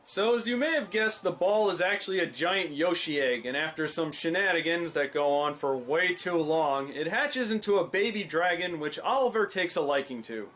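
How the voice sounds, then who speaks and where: A man's voice: on the high side, expressive, moderate pace, hardly any pauses, fairly bright tone, slight background noise. Sarcastic young man narrating clips. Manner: dry, mocking. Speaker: video host. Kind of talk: sarcastic commentary over clips.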